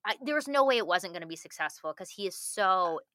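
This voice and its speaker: A woman's voice: medium pitch, lively intonation, fast, bright, forceful tone, dry recording, clean studio sound. A woman from Canada, talking casually as a guest, chatty and laughing, with frequent restarts. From Manitoba, Canada. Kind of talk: casual conversation.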